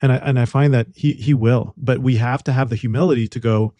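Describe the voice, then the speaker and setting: A man hosting an interview, speaking reflectively and warmly affirming his guest, with many restarts. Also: mid-range voice, fairly even intonation, brisk, few pauses, dry recording. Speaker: podcast host. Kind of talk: conversational interview.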